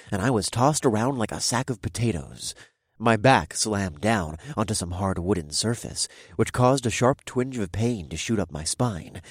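A young man narrates a first-person audiobook with a wry, casual, swearing tone. His voice sits low and husky. The recording is dry and close. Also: dry recording.

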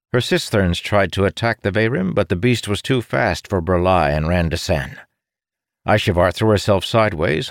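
A man reading a fantasy story aloud in scripted, measured narration. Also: deep voice, no echo, studio quality. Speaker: audiobook narrator.

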